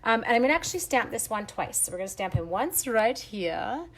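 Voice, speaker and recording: A woman's voice: on the high side, very animated, fairly quick, background noise. A Canadian woman hosting a live craft stream from home, chatting and giggling at herself as she stamps and colors and greets viewers by name.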